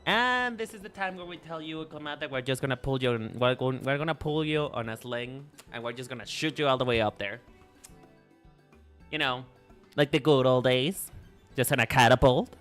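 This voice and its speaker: A man's voice: medium pitch, moderate pace, fairly bright tone. A man with a Mexican accent, a native Spanish speaker, chatting casually on a live stream in a playful, rambling way full of restarts. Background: faint music.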